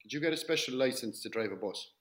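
A man's voice: mid-range voice, animated, fast, fairly bright tone. A man hosting a casual interview, chatty, asking leading questions and teasing his guest. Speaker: interview host.

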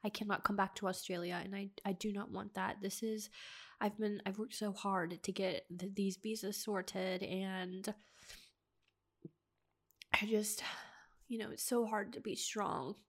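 This is a young woman, speaking alone at home into a personal podcast. She talks in a halting, emotional way, starting over mid-sentence and sighing between thoughts. Her pitch sits in an ordinary middle range for a woman. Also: flat delivery. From United States. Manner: halting, emotional, many restarts and sighs. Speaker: podcast host.

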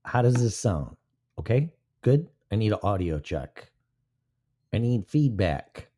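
Low-voiced guy rambling on his stream, swearing, mellow tone. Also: very animated, moderate pace, slightly rough, muffled recording. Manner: rambling and profane, killing time. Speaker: live-stream show host. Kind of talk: casual rambling live-stream talk. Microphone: mic placed to the side of his mouth.

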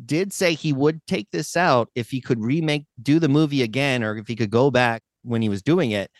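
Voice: medium pitch, moderate pace, no echo, clean studio sound. A podcast host giving a blunt, profane movie review in casual chat, laughing often.

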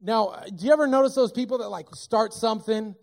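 High-voiced man preaching an animated sermon. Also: quick pace, gravelly. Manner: animated, joking, conversational. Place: church sanctuary.

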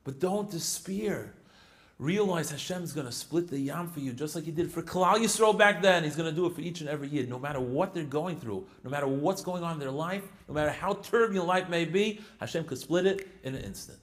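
Enthusiastic rabbi telling stories. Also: male voice, a little high, fairly quick. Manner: enthusiastic, rising to emphatic peaks on key points; many restarts and filler words. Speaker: rabbi and author being interviewed. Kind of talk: animated storytelling interview.

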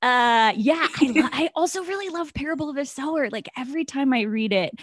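A woman writer and comedian talking as a podcast guest, in a chatty style full of fillers and quick laughs. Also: high-pitched, lively intonation. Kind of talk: casual conversational interview.

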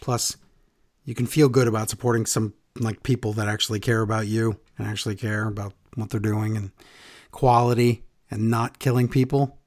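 A man's voice: on the low side, little pitch movement, normal speed, a little mellow. A man co-hosting a casual podcast, sarcastic and exasperated, with mocking impressions. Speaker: podcast co-host. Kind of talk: casual chat recapping wrestling.

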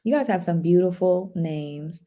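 A woman with a lowish, warm voice speaks a little slowly as she hosts a casual livestream. She's chatty and upbeat, reading viewer comments aloud and greeting people by name.

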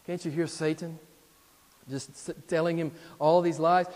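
Male pastor, sermon, emphatic and repetitive, slightly high voice, long hall reverb. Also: fairly even intonation, unhurried. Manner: emphatic, repetitive, swings between loud and hushed.

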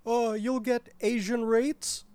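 A woman's voice: fairly high pitch, flat delivery, slow pace, dark tone, no echo. Woman playing a bossy corporate boss. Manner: bossy, condescending. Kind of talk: sketch comedy acting.

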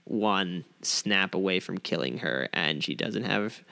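Gravelly, animated man chatting. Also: low-pitched, a little slow. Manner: animated, joking, opinionated. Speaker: podcast co-host. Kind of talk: casual chat.

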